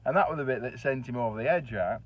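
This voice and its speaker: A middle-aged man with a Northern English accent tells a colloquial, chatty anecdote, dropping the odd swear word. His mid-range voice moves fast. The recording is dull, dry and lo-fi.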